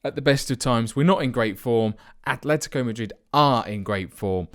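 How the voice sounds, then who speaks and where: A man's voice: mid-range voice, animated, moderate pace, hardly any pauses, fairly bright tone, clean tone. A young man hosting a football management let's play, with sarcastic, self-mocking commentary.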